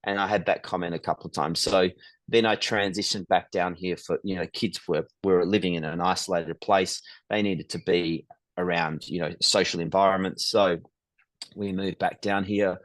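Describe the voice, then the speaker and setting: A man's voice: sits low, fairly even intonation, moderate pace, fairly bright tone, no room sound. A middle-aged man, a business founder, telling his story as an interview guest in a reflective way, with frequent ums and restarts.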